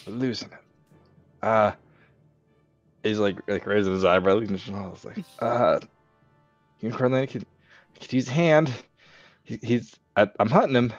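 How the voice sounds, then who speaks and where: A man's voice: on the low side, a little slow, long pauses, no room sound, soft background music. Giggly man player on a dull-sounding mic. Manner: giggly, acts out his character's lines. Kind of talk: casual tabletop game chat.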